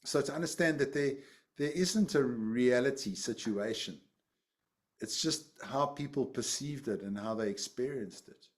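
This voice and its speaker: A man's voice: medium pitch, measured pace. A man teaching a class, telling a personal story in a conversational way, repeating phrases and asking students questions.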